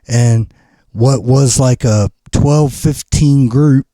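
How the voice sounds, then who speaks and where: A man's voice: mid-range voice, takes it slowly, dark tone, no echo. A middle-aged man, a pro wrestler and trainer, ranting bluntly and profanely in a podcast interview.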